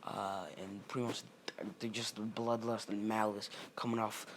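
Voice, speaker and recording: A young man improvising a fan fiction story in a rambling, halting way with many restarts. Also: lowish voice, little pitch movement, a little hiss or hum.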